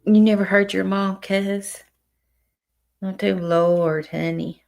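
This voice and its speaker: On her casual livestream, a middle-aged host speaks frankly to viewers in a medium-pitched, steady voice that's gravelly and a little mellow. Her speech is halting, full of restarts, and she cusses freely.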